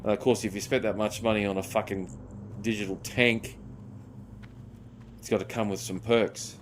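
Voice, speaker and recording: A man's voice: fairly low pitch, flat delivery, moderate pace, slight background noise. A young man, chatting casually while gaming, rambling through stories, swearing often and calling his listeners "mate". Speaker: gaming streamer.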